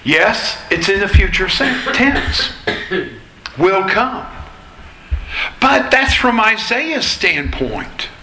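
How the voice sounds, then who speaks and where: A pastor delivers an expository sermon to his congregation at an unhurried pace, explaining each point with care. He has a fairly high, very bright voice. The sound is roomy and echoey, as in a church sanctuary, with faint ambience behind him. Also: big pitch swings, a little hiss or hum. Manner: measured, explanatory teaching.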